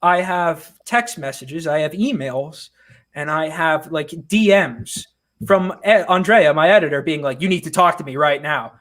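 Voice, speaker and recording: Man, comic writer, interview guest, higher voice, animated, self-mocking storyteller. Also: measured pace. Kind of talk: casual interview chat.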